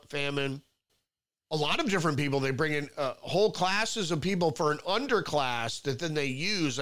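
Male solo commentary host, slightly high pitch, reads headlines and riffs on them in a rambling way with mocking outbursts. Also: a bit bright.

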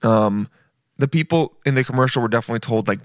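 A man's voice: mid-range voice, fast, no echo, studio quality. A young man hosting a casual comedy podcast, crude and mocking, often slipping into silly voices. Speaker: podcast host.

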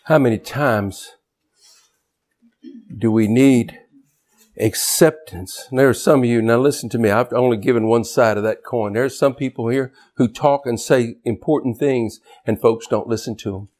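An older man, a pastor, preaching a sermon in a church, animated and shouting at times for emphasis. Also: medium pitch, normal speed.

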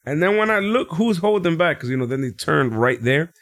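Fairly quick and animated, a man co-hosting a podcast chats casually while recapping a wrestling show. He laughs often and mimics quotes in high voices, captured in clean studio sound with no room noise.

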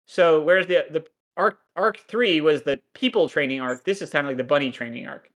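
In a brisk, fairly high-pitched voice, a thirtysomething podcast co-host gives a cartoon recap during casual chat. He rambles, swears heavily, and keeps a crude, sardonic edge.

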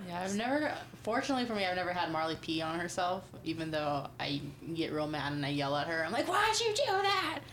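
A woman in casual conversation, relaxed and agreeable as she swaps stories. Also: deep voice, fast talker, hardly any pauses, slight background noise. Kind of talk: casual chat.

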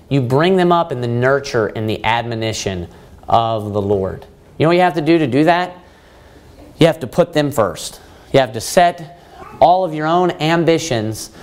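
A man preaching a sermon as a pastor, asking rhetorical questions and repeating points for emphasis, with many filler phrases. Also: mid-range voice. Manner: many fillers of "you know" and restarts.

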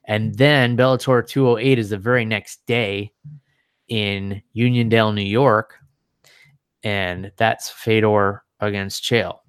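A man's voice: on the low side, steady tone, slow, smooth, no echo, clean studio sound. A man co-hosting a casual mixed martial arts chat, previewing upcoming fights with enthusiasm and the odd swear word. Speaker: MMA podcast co-host.

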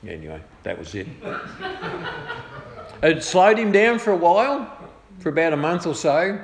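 A man's voice: on the high side, normal speed. A middle-aged man with an Australian accent tells a personal story in a chatty, good-humoured way. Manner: chatty, good-humoured, lively voiced quotes. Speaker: speaker sharing a personal testimony. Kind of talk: casual storytelling. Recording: echoey room with faint ambience.

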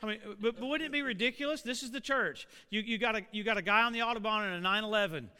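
A high, bright male voice carries this animated storytelling sermon. His tone stays smooth and resonant as he puts questions to the congregation. The sound hangs in a long, echoey church hall. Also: fast. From Oklahoma. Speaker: preacher.

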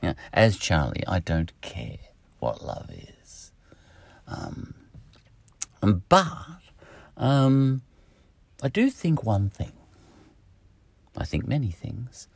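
A man's voice: on the low side, wildly swooping pitch, very slow, creaky, pauses often, slightly rough, no echo. A middle-aged Australian man hosting a solo podcast, rambling in a jokey, self-mocking way. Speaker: podcast host.

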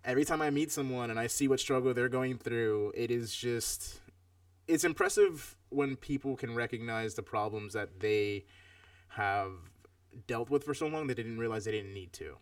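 A man's voice: mid-range voice, normal speed, no room sound, far from the mic. A man in his thirties chatting casually while reviewing a film, reflective and rambling with many fillers. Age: 30s. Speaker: podcast co-host.

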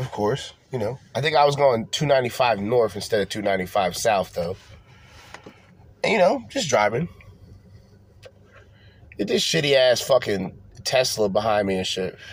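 In a mid-range voice with no room sound, this podcast host goes on a loose, profane rant. He's animated and rambling, piling up restarts and repeated phrases.

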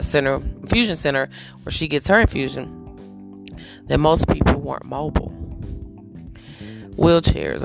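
A woman hosting a podcast in a casual, chatty monologue, with a throat roughened by allergies; she keeps pausing to clear her throat and cough. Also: deep voice. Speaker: podcast host.

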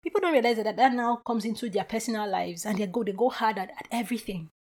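A woman's voice: a little high, fast. A woman hosting her own podcast, talking through her thoughts in a casual, reflective solo monologue full of fillers. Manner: animated storyteller who acts out quoted voices; chatty and reflective with frequent filler words. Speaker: podcast host.

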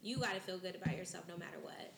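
A woman's voice: fairly low pitch, rapid-fire, creaky, roomy sound, a little hiss or hum. A woman co-hosting a podcast, upbeat and affirming in casual chat. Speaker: podcast co-host.

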